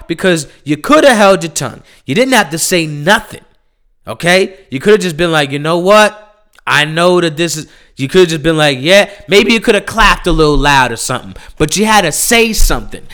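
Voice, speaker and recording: A man's voice: sits high, bright, forceful tone. A man telling a comic story, ranting in an exasperated, profane way. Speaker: comedian. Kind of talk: stand-up storytelling.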